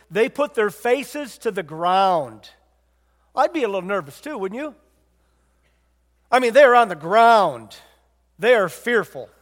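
Man, preacher, sermon, high voice, conversational, long hall reverb. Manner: conversational, asks the congregation questions.

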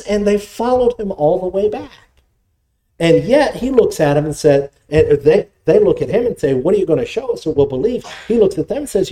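A man preaching a sermon, with animated delivery and scripture quotations. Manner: animated preaching, dramatic pitch swings, reads scripture quotes. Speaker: pastor.

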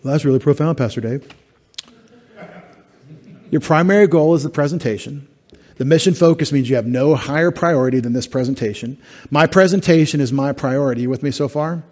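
With a voice on the high side, brisk and a little mellow, a middle-aged pastor gives an expository sermon in a church sanctuary. He carefully explains Greek vocabulary piece by piece, offering wry comments as he goes.

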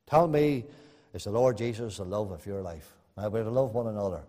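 Dramatic preacher in a reverberant hall. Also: male voice, on the low side, a little fast. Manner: swings between loud emphatic bursts and soft hushed asides. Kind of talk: sermon.

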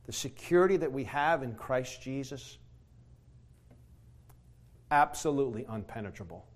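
A man preaching a sermon, emphatic, moving from hushed reflection to shouted declarations. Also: medium pitch, lively intonation, normal speed. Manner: emphatic, swings from quiet to shouting.

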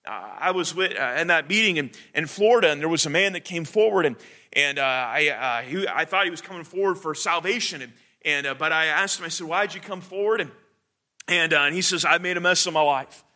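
Earnest high-voiced male preacher. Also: pushed and bright. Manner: earnest, halting with many fillers and restarts. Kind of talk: sermon.

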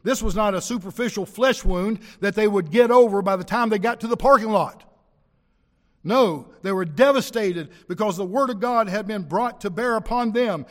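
High-voiced man preaching in a big hall. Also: a bit bright. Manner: emphatic preaching, slowing down to stress key words. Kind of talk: sermon.

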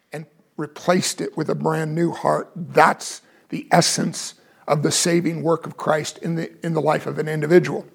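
Gravelly, high-voiced man teaching the Bible. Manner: explanatory, asks questions.

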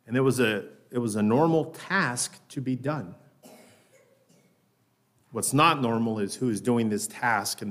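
A man preaching a sermon in a conversational way. He often checks in with "right?", slows down on key words and raises his voice to act out lines. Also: medium pitch. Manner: raises his voice when acting out Peter's lines. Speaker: pastor.

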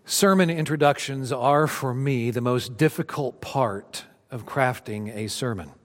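Pastor preaching in a reverberant church. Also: male voice, unhurried. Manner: dramatic scripture reading, rising for cries and dropping low. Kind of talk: sermon. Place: church sanctuary. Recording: long reverb of a church hall.

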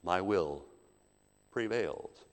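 A man doing God, low firm commanding voice, echo hall. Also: animated, very slow, exaggerated voice. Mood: stern. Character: stern, sovereign male God. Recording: long hall reverb.

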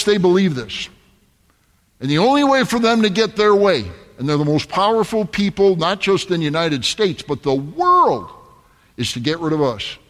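A man preaching at a rally, addressing his audience as folks in an emphatic, urgent manner. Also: a little high. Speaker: pastor. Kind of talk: rally sermon. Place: large hall with audience. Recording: long hall reverb, faint music.

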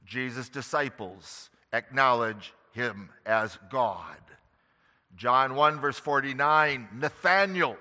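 A man preaching a sermon slowly and emphatically, pressing hard on key words. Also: mid-range voice, sharp tone, in a large hall. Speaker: pastor.

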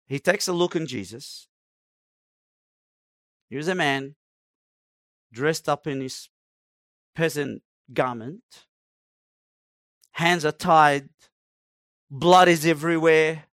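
A man's voice: fairly high pitch, takes it slowly, long pauses, fairly bright tone, dry recording, studio quality. A man preaching a sermon in an emphatic, dramatic way, acting out the people he quotes.

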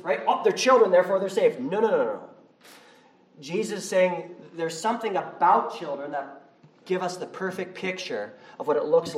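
A male pastor preaching a sermon in a church, conversational and animated. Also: on the high side. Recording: roomy, from far off the mic.

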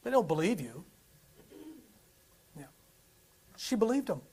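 A man's voice: sits high, normal speed. A man preaching a sermon, reading scripture aloud and asking the congregation rhetorical questions. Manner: animated, asks many rhetorical questions, reads scripture aloud.

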